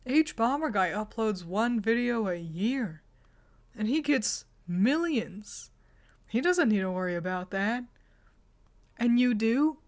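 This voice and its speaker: A woman streaming live, talking slowly in a fairly high voice. She gives teasing, mock-insulting advice to her chat and keeps breaking into laughs. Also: expressive. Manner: admits she is bad at whispering. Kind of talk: casual livestream chat.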